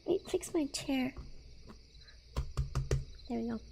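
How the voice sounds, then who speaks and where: Giggly high-voiced woman streamer. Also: slow, vocal fry, husky. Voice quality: soft voice. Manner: giggly, rambling, lots of fillers and restarts. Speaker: live streamer. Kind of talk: casual live-stream chat.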